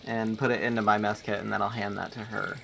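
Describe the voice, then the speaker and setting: A man with a low, heavily gravelly voice plays in a tabletop game, describing his actions hesitantly and easily breaking into laughs. His tone is bright despite the rasp. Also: level tone, quick pace, slight background noise. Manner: hesitant, laughs easily, speaks in character in first person. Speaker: player. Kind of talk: casual tabletop role-play.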